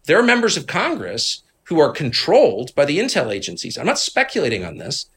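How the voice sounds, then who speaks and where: A middle-aged man from Washington, D.C. talks in a conversational interview, telling stories with indignant emphasis. His pitch swings widely, his tone is bright and forceful, and his voice has a husky edge. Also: a little fast. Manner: animated, indignant, emphatic storytelling. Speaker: interviewed guest, political commentator.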